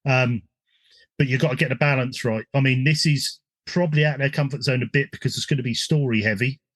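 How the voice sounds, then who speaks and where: A man's voice: medium pitch, fairly even intonation, fast, no room sound. An English man hosting a casual gaming podcast, chatty, with frequent ums and restarts. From England. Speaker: podcast host.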